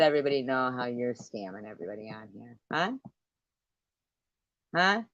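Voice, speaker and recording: A woman's voice: extremely low pitch, animated, normal speed, fairly bright tone, no echo, lo-fi sound. Combative woman swearing in a livestream row. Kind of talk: heated online argument.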